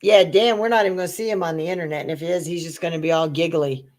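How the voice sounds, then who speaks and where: A woman's voice: lowish voice, steady tone, racing, a little mellow. A woman co-hosting a casual live-streamed panel chat, teasing and laughing often as she acts out other people's lines. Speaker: livestream panel co-host.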